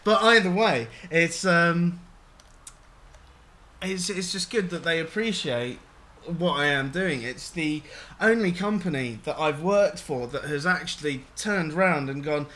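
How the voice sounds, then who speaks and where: A man's voice: a little high, a little slow, pushed and bright. A man hosting a radio show, chatting in a rambling way with restarts and the odd swear word. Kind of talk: casual radio chat.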